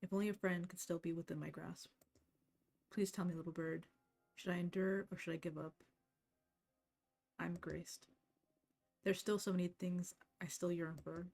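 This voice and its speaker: A woman reading the lines of a gentle, confused ghost in a game, speaking softly and hesitantly. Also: on the low side, fairly even intonation, normal speed, creaky, long pauses, faint music behind. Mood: wistful. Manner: soft, hesitant, apologetic. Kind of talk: reading game dialogue aloud.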